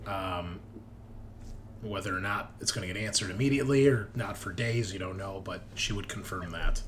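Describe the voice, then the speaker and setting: A man's voice: low-pitched, moderate pace, a little hiss or hum. A man narrating as game master of a tabletop game, casual, joking and profane.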